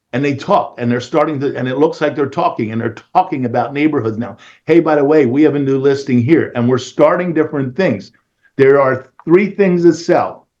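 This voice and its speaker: A man's voice: medium pitch, darkish tone, muffled recording. A man with a Philadelphia accent, a real estate agent talking energetically and in a salesy way on a casual panel call.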